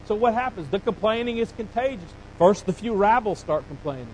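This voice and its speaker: A man preaching a sermon, animated and dramatic, acting out the complaints of biblical figures as he retells a scripture passage. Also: high-pitched, fairly quick, few pauses, a little hiss or hum, poor audio. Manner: animated preaching, voicing Bible figures with rising emphasis. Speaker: pastor.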